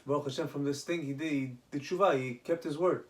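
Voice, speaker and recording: A man's voice: a little high, steady tone, quick pace. A man casually telling a religious story, often restarting his sentences. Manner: retells with acted quoted dialogue and many restarts.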